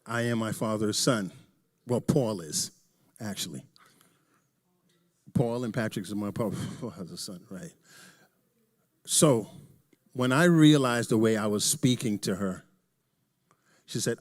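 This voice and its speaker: A man's voice: on the low side, slow pace, pauses often. Frank middle-aged man giving a church talk. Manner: frank, joking, swings between loud emphasis and quiet asides. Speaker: church presenter. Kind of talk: candid talk to a church audience.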